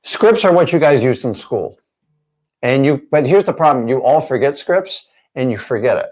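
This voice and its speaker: A man's voice: medium pitch, lively intonation, moderate pace, darkish tone. A man teaching a real estate training session, emphatic and full of rhetorical questions.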